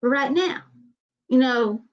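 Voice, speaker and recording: A woman with a light Southern US accent, talking in a candid, rambling, blunt way. Her voice sits high. The recording sounds dull and lo-fi. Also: lively intonation, slow. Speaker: vlogger. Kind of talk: casual chat.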